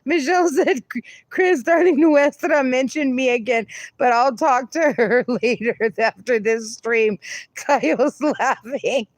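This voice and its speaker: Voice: sits high, slow, no room sound, studio quality. A livestreamer in casual chat who reads viewer comments aloud and laughs often.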